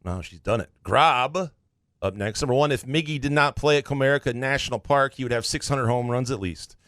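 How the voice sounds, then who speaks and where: A man co-hosting a casual sports podcast, deadpan, reading listener takes aloud and dropping low for dry asides. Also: quick pace.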